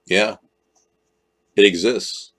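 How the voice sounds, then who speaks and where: A man's voice: on the low side, steady tone, extremely slow, fairly bright tone. A man hosting a political live stream, rambling and joking and often jumping into exaggerated voices. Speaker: livestream host.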